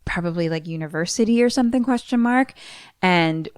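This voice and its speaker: A woman's voice: fairly low pitch, expressive, a little fast, clean tone, no room sound, studio quality. A woman co-hosting a podcast. She recaps a movie in casual chat and acts out the characters' lines. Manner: retells scenes breathlessly, acts out character lines. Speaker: podcast co-host.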